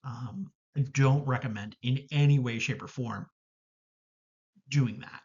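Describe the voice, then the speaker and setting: A man's voice: medium pitch, measured pace, darkish tone, slightly rough, dull audio. A man telling a candid personal story about his camp work, reflective, with many fillers and self-corrections, over a video call.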